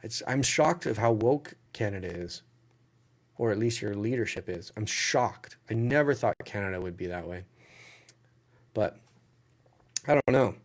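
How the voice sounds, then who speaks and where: A man's voice: lowish voice, animated, a little slow, pauses often. A man hosting a casual livestream Q&A, reading out viewer questions and answering them bluntly as he thinks aloud. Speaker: livestream Q&A host.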